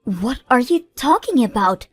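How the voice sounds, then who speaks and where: A woman voicing a calm, reasonable young woman who tries to soothe an upset friend, in an animated story. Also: on the high side, a little slow, slightly rough, dry recording, soft background music, heavily acted. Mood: pleading. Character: calm, patient young woman engaged to be married.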